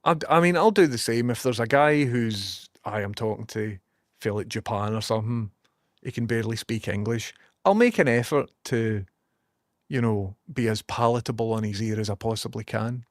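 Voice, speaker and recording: A man's voice: lowish voice, moderate pace, no room sound, studio quality. A man with a Scottish accent chatting casually to his stream, swearing and joking as he tells stories and reads messages. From Scotland.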